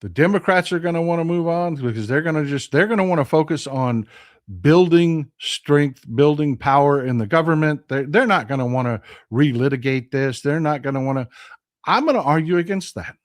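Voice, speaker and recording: A man with a Texan accent speaks briskly in a fairly high voice as he hosts a political commentary vlog. His delivery is passionate, blunt and profane, and he keeps repeating phrases for emphasis.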